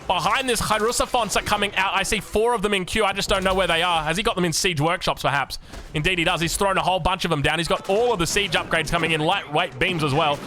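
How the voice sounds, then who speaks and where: An excitable Australian man commentating a strategy game, chatty and jokey, sometimes breaking into shouts. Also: sits high. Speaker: game caster.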